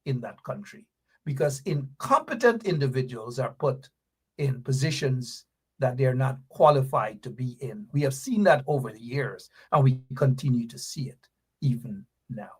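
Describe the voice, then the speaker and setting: A man's voice: medium pitch, animated, moderate pace, breathy edge. A man hosting a political commentary livestream, talking in an emphatic, indignant way and repeating his points. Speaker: host.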